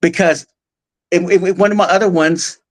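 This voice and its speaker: Man, earnest, emotional, halting speech, lots of restarts, close mic. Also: sits high, steady tone, a crowd in the background. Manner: halting, full of restarts and fillers. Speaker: guest. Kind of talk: casual personal storytelling. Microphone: close podcast mic.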